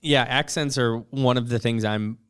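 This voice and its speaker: A man's voice: medium pitch, steady tone, moderate pace, a bit bright, smooth. A man in his thirties co-hosting a podcast in casual chat, rambling and hesitant with lots of fillers and self-deprecating humor. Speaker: podcast co-host.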